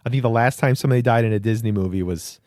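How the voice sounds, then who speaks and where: A man's voice: mid-range voice, very fast, darkish tone, dry recording, clean studio sound. A man co-hosting a podcast in casual chat, rambling with lots of "like" and restarts. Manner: rambling, heavy use of "like", many restarts. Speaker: podcast co-host.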